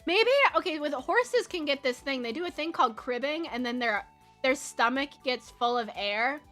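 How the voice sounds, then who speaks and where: Faint game music plays while a young woman streams a farming game and chats casually with her audience. She speaks at a normal speed in a high-pitched, expressive, slightly bright voice, often giggling and talking between bites.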